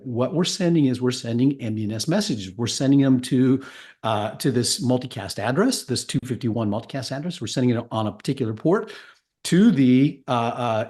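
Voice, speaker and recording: A man's voice: medium pitch, a little mellow. A man presenting a technical networking webinar, explaining step by step and often asking "right?". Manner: explanatory, frequent "right?" check-ins. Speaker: guest presenter.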